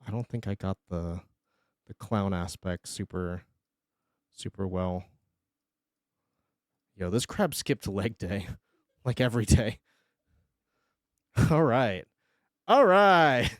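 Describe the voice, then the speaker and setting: A man streaming live, chatting casually and joking as he reacts, laughing often and breaking into excited bursts. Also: deep voice, slow, pauses often, no echo, clean studio sound. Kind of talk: casual live-stream commentary while drawing.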